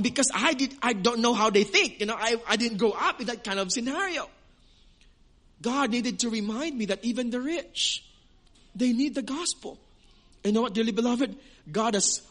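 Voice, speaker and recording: Filipino male pastor, high voice, earnest sermon delivery with halting repeats. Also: a bit bright. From Western Visayas, Philippines. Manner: earnest, repeats words while searching for phrasing.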